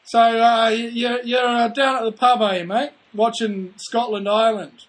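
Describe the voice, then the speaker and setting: A man with a very high voice co-hosts in a chatty, teasing way. He throws "mate" into almost every remark as he jokes with the others. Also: level tone, moderate pace. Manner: chatty, joking, says mate a lot. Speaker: podcast co-host. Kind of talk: casual chat.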